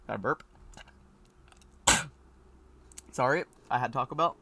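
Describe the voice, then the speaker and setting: A man's voice: medium pitch, takes it slowly, vocal fry, heavy background noise. Playful man streaming a game. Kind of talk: let's play commentary.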